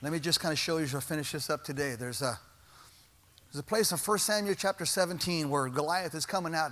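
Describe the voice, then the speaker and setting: A man's voice: a little high, quick pace, sharp tone. A man preaching a sermon as pastor in a church, building his points with repeated refrains and rising intensity.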